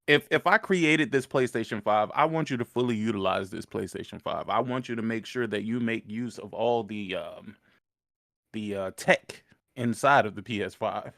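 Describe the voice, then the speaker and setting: A man's voice: on the low side, normal speed, vocal fry, a bit bright, no echo, studio quality. Blunt, slangy male co-host. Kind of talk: casual chat.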